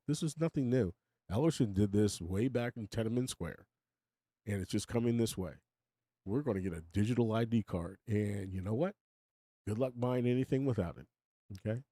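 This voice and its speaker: A man's voice: on the low side, dark tone, dry recording, studio quality. An older man hosting his own live stream, rambling and opinionated, chuckling as he talks to his chat. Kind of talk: casual live-stream monologue.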